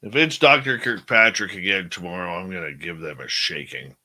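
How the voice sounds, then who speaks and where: A man's voice: sits low, brisk, sharp tone. A man hosting an online radio show, chatting casually with his audience in a sarcastic way while eating. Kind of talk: casual chat with live chat readers.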